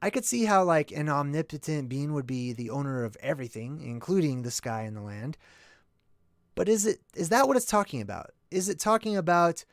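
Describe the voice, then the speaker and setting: A man talks through a casual livestream explainer, thinking aloud and correcting himself as he goes. His voice sits a little higher than most men's. The sound is dry, with no room echo. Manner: thinks aloud, checks in with "right?"; rambling, self-correcting. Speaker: channel host.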